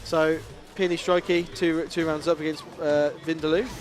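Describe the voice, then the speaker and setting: A man's voice: a little high, level tone, normal speed, soft background music. A man casually commentating a fighting game tournament, chatty and playful, often laughing.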